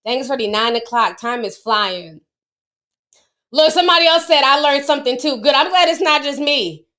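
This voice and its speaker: A woman's voice: high voice, moderate pace, pushed and bright. A middle-aged woman hosting a casual livestream, chatting with her viewers and laughing often. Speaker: livestream host.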